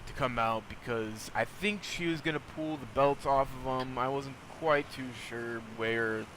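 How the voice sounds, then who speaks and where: A man's voice: mid-range voice, a little slow, a bit bright, a little hiss or hum, low-quality recording. A young man hosting a podcast, rambling loosely through news in a casual, joking chat. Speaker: podcast host.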